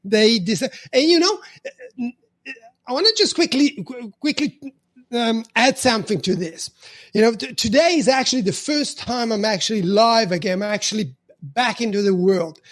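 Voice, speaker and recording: A man in his fifties with an Italian accent, a podcast guest talking in a halting way, with many restarts and fillers. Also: very high-pitched, lively intonation, fairly bright tone. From Italy. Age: 50s. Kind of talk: casual interview conversation.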